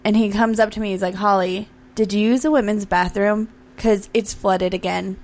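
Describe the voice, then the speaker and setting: A woman's voice: mid-range voice, steady tone, normal speed, a little mellow. A woman co-hosting a podcast, telling playful stories in casual chat. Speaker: podcast co-host, open mic host.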